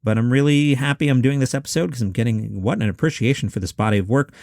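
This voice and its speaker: A man's voice: mid-range voice, gravelly, a little mellow, no room sound, clean studio sound. A man in his fifties hosting a solo podcast at home, chatting wryly through lists of movies. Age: 50s. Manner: chatty, wry asides and quick lists. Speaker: podcast host. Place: home room.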